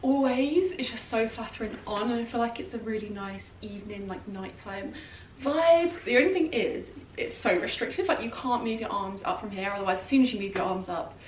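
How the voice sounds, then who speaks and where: A woman's voice: mid-range voice, brisk, hardly any pauses. A young British woman chatting casually and gushingly through a clothing try-on at home, full of "like" and enthusiasm. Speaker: fashion vlogger. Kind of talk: casual try-on haul chat. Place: at home in her flat. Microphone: camera mic set a little way off. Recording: roomy echo, distant mic, faint room hum.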